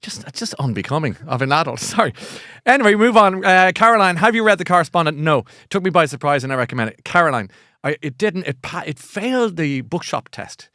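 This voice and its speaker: A man's voice: fairly high pitch, fairly quick, no echo. Irish guy hosting a book show, chatty, laughs a lot, dry close mic. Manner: chatty, animated, laughing, self-mocking. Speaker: host. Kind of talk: casual chat.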